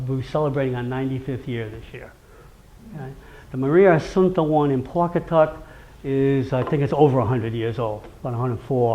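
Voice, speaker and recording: A man's voice: medium pitch, highs cut off. A man with a Rhode Island accent giving a chatty talk to a live audience, often checking in with "okay?" and acting out quoted voices. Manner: acts out quoted voices, animated. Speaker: speaker on local traditions.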